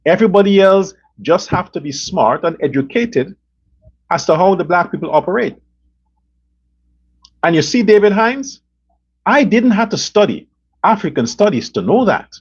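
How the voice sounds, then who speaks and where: Angry guy on a politics show, high raspy voice, dull muffled audio. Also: lively intonation, moderate pace, pauses often. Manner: heated, profane, repetitive. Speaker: political commentary show host.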